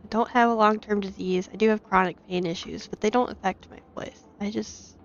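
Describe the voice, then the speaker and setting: A shy young woman in her twenties chatting hesitantly and softly on a game stream. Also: mid-range voice, steady tone, a little fast. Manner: soft-spoken, shy and hesitant. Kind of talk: casual game stream chat. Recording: dull lo-fi mic audio. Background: faint game music.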